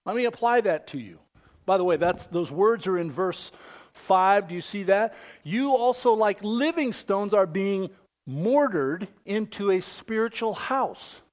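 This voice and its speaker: A man preaching a sermon to his congregation, asking them questions and swinging from loud declarations to hushed near-whispers. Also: high voice, lively intonation, a little slow. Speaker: pastor.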